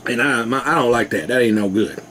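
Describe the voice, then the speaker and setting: A man's voice: medium pitch, brisk, sharp tone, slight background noise. A man rambling casually to his camera at home, laughing often. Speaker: vlogger. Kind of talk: casual rambling video chat.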